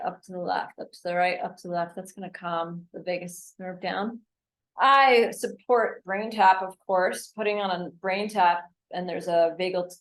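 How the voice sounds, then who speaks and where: A woman practitioner in a casual health chat explains techniques step by step. Her voice sits at a middle pitch and carries a roomy echo. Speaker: guest practitioner.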